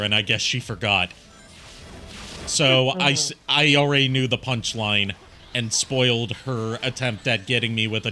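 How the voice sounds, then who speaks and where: A man with a bright, forward voice talks loosely through a game stream. He rambles, swears without a second thought and laughs at his own jokes, at an ordinary middle pitch. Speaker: stream guest. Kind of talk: casual game-stream chat.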